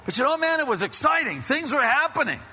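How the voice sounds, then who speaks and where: A man preaching a sermon as pastor, telling stories in an animated way and acting out the people in them. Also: extremely high pitch, quick pace, in a large hall, a little hiss or hum. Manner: animated storytelling, acts out voices.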